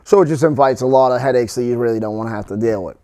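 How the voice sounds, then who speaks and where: A middle-aged man, a podcast guest, telling a painful personal story in a halting way, full of restarts and fillers. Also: mid-range voice, warm tone.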